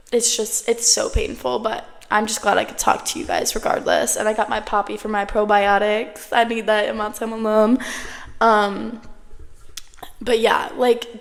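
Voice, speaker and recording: Brief: young woman podcaster, slightly high voice, loose swearing chatter, long room echo. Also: creaky. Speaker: podcast host. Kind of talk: casual solo chat to camera. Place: at home, indoors. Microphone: camera.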